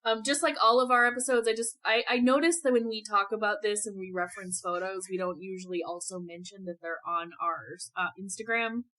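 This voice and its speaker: A woman's voice: mid-range voice, fairly even intonation, a little fast, hardly any pauses, bright, forceful tone, poor audio. A woman with a mid-range voice co-hosts a casual podcast chat. She is chatty and blunt, laughing often and swearing freely. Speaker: podcast co-host.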